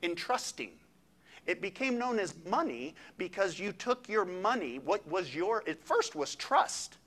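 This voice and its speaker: A man preaching a sermon with a slightly high voice. He talks conversationally, tossing in quick asides. His pitch leaps and dips as he preaches. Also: very animated, fairly bright tone. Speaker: pastor.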